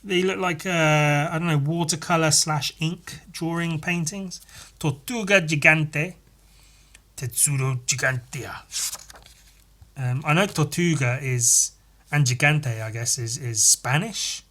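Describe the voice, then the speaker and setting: A man hosting a podcast, casually retelling a picture story in an animated, sweary, laughing way. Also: a little high, a little slow. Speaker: podcast host.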